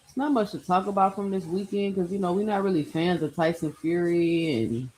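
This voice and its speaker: A woman hosting a casual boxing livestream, talking in an opinionated, animated way and speaking straight to her chat. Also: fairly low pitch, brisk, a little hiss or hum. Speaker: livestream boxing talk host.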